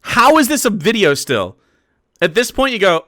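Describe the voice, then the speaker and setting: A man's voice: high-pitched, very animated, normal speed, pushed and bright, no room sound, studio quality. A male streamer giving heated, sarcastic reaction commentary, swearing and mocking others.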